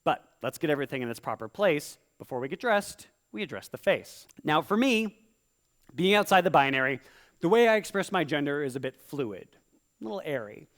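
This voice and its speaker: A performer doing stand-up comedy in rhyme on a live stage, talking in a playful, theatrical way. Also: male voice, a little high, very animated, a bit bright. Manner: playful, theatrical, quick vocal impressions.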